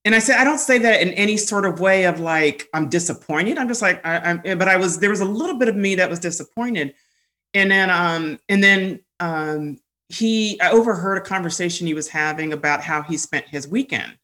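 A woman guest telling personal stories in candid conversation, animated, laughing often, with many fillers and restarts. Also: on the low side, moderate pace.

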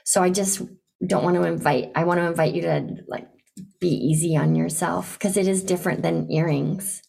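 A woman coaching a client in conversation, encouraging and animated, acting out eager invitations to make her point. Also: lowish voice, normal speed, creaky, husky. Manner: encouraging, animated, role-plays enthusiastic invitations. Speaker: business coach hosting a coaching session.

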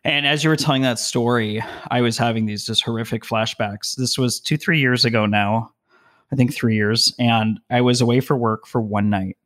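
A man telling a long personal story from his home office, in an animated, heated way with quick bursts of speech. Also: medium pitch. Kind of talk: conversational storytelling.

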